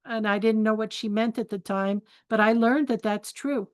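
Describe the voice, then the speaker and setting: A woman's voice: a little high, steady tone, normal speed, no echo. An older woman hosting a spiritual forum, telling family stories in a chatty, candid way and turning them into life advice. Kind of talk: storytelling talk.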